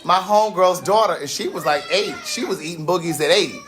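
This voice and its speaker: A man's voice: high-pitched, a little fast, music in the background. A man in his forties hosting a casual live stream from home, chatty and often laughing. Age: 40s. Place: at home with family around.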